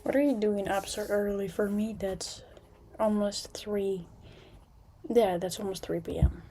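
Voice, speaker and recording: Young woman streamer, casual chat at home on a computer mic, halting delivery with a gravelly edge and a flat, mellow tone; faint hiss behind. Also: medium pitch. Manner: halting, restarts often, soft at times. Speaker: livestreamer. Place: home room with curtains.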